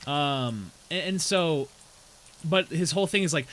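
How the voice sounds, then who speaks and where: A man's voice: a little high, unhurried, a bit bright, slight background noise, poor audio. A man streaming a game, chatting casually and explaining things in a rambling way. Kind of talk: casual chat while gaming.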